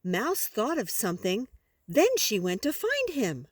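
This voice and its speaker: An older woman reads a storybook aloud to a child in a slow, unhurried way. Her fairly high voice swoops up and down with lively expression, and she stops often to ask the child questions. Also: no echo. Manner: slow, gentle and lively, with gasps and questions to the listener. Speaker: grandmother reading to a child. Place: outdoors by woods.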